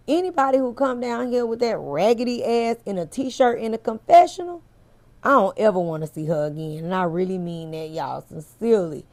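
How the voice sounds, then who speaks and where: A woman's voice: mid-range voice, darkish tone, no room sound. A woman hosting a casual commentary chat, talking straight to her viewers in a candid, chatty way and swearing freely. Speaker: host.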